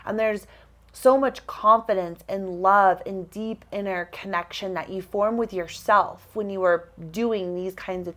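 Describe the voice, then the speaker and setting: A young woman co-hosting a podcast tells a story in a loose, chatty way. Her voice sits at an ordinary middle pitch, and she gets visibly emotional, with laughter and tears breaking through as she retells the moment. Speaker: podcast co-host. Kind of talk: casual storytelling chat.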